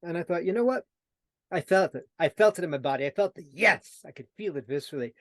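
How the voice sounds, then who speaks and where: Animated storytelling man, dry close sound. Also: on the high side, fast, dry recording. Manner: animated storyteller who acts out quoted dialogue; repeats himself and restarts when searching for words. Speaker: guest, personal transformation coach. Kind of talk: storytelling in conversation.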